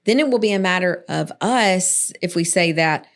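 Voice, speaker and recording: A woman's voice: on the low side, animated, normal speed, creaky. A woman co-hosting a casual church podcast, upbeat and chatty. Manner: upbeat, chatty, laughs often. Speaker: co-host.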